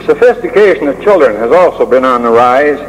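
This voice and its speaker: An older man delivers a prepared talk in a measured, dryly humorous way, often pausing with a soft uh. His voice sits at an ordinary middle pitch. It carries a long hall echo over a faint hiss. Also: expressive. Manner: measured, with dry humor and frequent uh pauses. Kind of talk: prepared speech.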